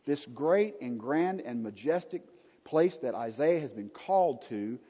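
A man teaching a Bible study, unhurried and emphatic, with conversational asides. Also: mid-range voice, lively intonation, dark tone, slightly rough. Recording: dull lo-fi recording in a reverberant hall.

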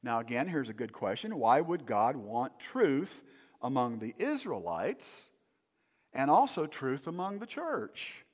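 Animated man preaching in a reverberant hall. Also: mid-range voice, unhurried. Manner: emphatic, animated preaching with rhetorical questions. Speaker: pastor. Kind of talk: sermon. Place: church hall. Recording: dull recording with long hall reverb.

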